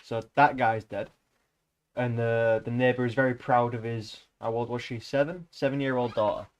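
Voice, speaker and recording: A man's voice: medium pitch, steady tone, normal speed, highs cut off. Man casually reading a novel aloud. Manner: rambling, joking asides between passages. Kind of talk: casual read-aloud with asides.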